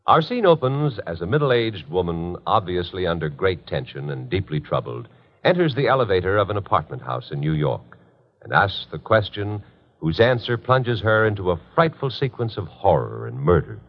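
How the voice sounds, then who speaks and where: A man's voice: low voice, very animated, moderate pace. A man announcing and narrating a 1950s radio drama in a grave, dramatic manner. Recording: muffled 1950s radio broadcast with music.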